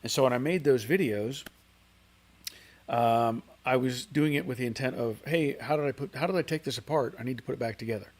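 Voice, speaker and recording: A man's voice: mid-range voice, brisk, darkish tone. A middle-aged man hosting a car channel livestream in casual, rambling chat, reading out viewer comments.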